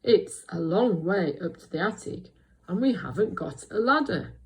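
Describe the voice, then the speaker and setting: A woman's voice: lively intonation, poor audio. Woman doing a wise old toy bear. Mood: grand. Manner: deep, slow, storybook voice.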